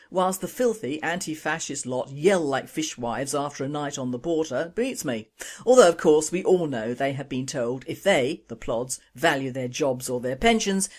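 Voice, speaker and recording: Woman, radio news host, scornful, sardonic, low, animated. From Britain. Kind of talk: opinion news broadcast.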